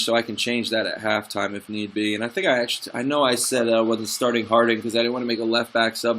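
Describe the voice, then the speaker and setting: Bright-voiced young man calling a football game. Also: lowish voice. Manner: excitable, frustrated, swings from play-by-play to grumbling asides. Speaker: gamer commentating his own football management match. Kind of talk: let's play commentary.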